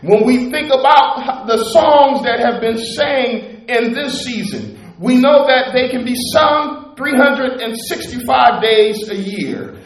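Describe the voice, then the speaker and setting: A man preaching a Christmas sermon with a preacher's cadence, lifting into shouts and half-sung phrases. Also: very high voice, lively intonation, takes it slowly, few pauses, roomy sound, slight background noise, poor audio.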